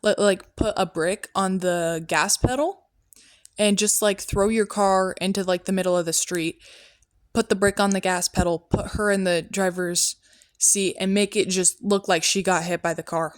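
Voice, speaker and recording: Female podcast host in a prophet persona, rambling and offhand, mid pitch, dry room. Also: steady tone, normal speed, dry recording. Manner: rambling, offhand, full of "um" and "like", tangents. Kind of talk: rambling comedic monologue.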